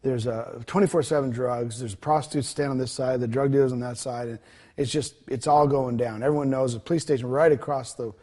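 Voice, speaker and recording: A man's voice: medium pitch, fairly even intonation, fairly quick, a little mellow. A man telling a ministry story in a conversational interview, retelling the dialogue with many fillers and restarts. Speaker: guest telling a ministry testimony.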